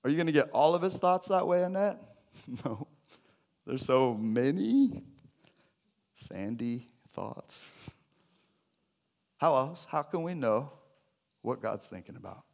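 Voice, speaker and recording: A man preaching a sermon to his church, animated and jokey, with sudden loud bursts. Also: mid-range voice, slow pace, gravelly, pauses often. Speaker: pastor.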